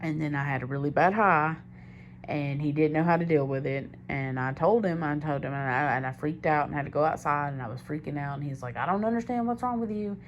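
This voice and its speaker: A young woman with a notably low voice tells a personal story straight to the camera. She rambles candidly and keeps doubling back mid-sentence, with a faint hiss under her voice. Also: fairly even intonation, a little fast, muffled recording. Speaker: diary vlogger. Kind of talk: confessional storytelling monologue.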